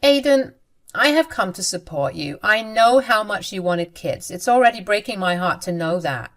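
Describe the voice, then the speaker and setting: A woman's voice: medium pitch, animated, moderate pace, close to an everyday voice. A woman voicing a spiteful, smug young sister-in-law in a dramatized story. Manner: smug, dismissive.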